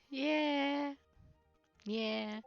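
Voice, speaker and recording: A woman's voice: high voice, vocal fry, no room sound. Laughing woman chatting on a game stream. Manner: laughs often, rambling with many fillers. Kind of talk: casual chat while playing a game live. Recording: dry, slightly muffled with faint music.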